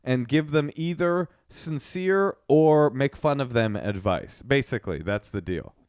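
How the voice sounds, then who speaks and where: A man's voice: medium pitch, animated, unhurried, darkish tone, clean tone, no echo. A man co-hosting a podcast, talking in a laid-back, rambling way and laughing often. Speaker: podcast co-host. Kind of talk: casual podcast chat. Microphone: remote call.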